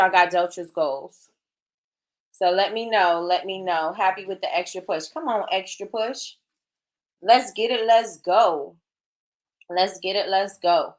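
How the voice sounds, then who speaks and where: A middle-aged woman hosting a casual livestream, chatting with viewers and reading their comments aloud in an encouraging way. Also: medium pitch. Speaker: livestream host.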